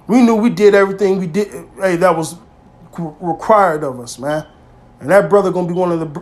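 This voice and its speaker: A man preaching informally to his brothers, with emphatic, street-style speech that swings between loud exhortation and quiet, low asides. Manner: emphatic and streetwise, peppered with "man" and "hey", swearing freely. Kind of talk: informal scripture teaching.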